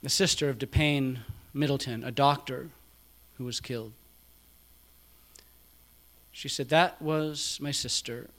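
A man preaching a sermon, quoting others quietly and building to loud, emphatic peaks. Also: medium pitch, fairly even intonation, measured pace, long pauses. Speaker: pastor.

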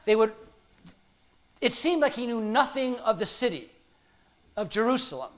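A man's voice: very high-pitched, sing-song, normal speed, a bit bright. A middle-aged man preaching a sermon in a conversational, playful way, with frequent ums and restarts.

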